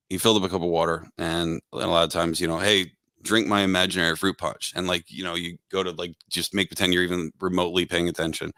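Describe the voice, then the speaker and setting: A man's voice: sits low, gravelly, fairly bright tone, no room sound, studio quality. A man hosting a casual podcast chat, joking in crude banter. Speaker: podcast host.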